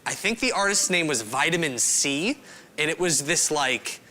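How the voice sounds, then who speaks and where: A young man speaking as a youth pastor in a casual, animated, self-deprecating way, rambling a little as he explains. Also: a little high, normal speed, a little hiss or hum. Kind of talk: casual youth service talk.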